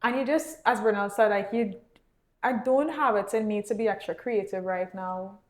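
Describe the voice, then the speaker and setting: A woman's voice: mid-range voice, normal speed. A woman co-hosting a parenting podcast, asking questions and affirming her guest in casual talk. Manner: engaged, affirming, asks questions. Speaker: podcast co-host. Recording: roomy echo.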